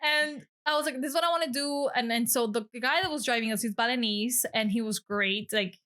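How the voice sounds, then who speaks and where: A woman in her late twenties, the guest, telling a story in a casual chat, emotional and animated, with many fillers and restarts. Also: on the high side, fairly quick. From Miami area. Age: late 20s. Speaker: guest lifestyle blogger.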